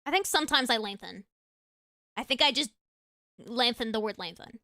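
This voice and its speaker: A woman's voice: fairly high pitch, expressive, moderate pace, pauses often, sharp tone, dry recording, clean studio sound. A young woman hosting a casual livestream, chatting in a rambling way that often trails off. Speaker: streamer host. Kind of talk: casual livestream chat and reaction.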